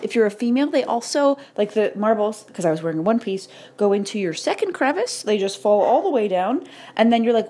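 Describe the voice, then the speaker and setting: A woman's voice: medium pitch, very animated, fairly quick, darkish tone. A woman talking straight to her audience in a casual motivational monologue, telling a funny story and swearing now and then. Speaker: creator talking to entrepreneurs and artists.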